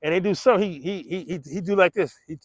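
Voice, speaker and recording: High-voiced man telling a rowdy street story. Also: rapid-fire, no echo. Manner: slangy and profane, acting out gunshots and other voices.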